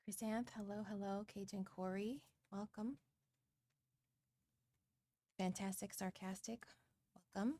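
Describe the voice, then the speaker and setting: A woman's voice: medium pitch, fairly even intonation, takes it slowly, pauses often, mellow, no room sound. A young woman illustrator chatting casually on a live art stream, hesitant with lots of ums and frequent laughs, into a desk microphone.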